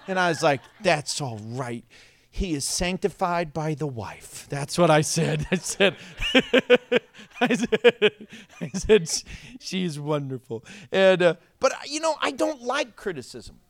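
A man preaching a sermon as pastor, telling stories animatedly and laughing often. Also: on the high side.

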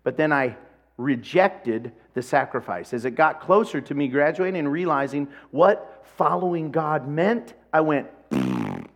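A man's voice: a little high, normal speed. A man preaching a sermon as pastor, telling a personal story with animation and acting out bits of dialogue.

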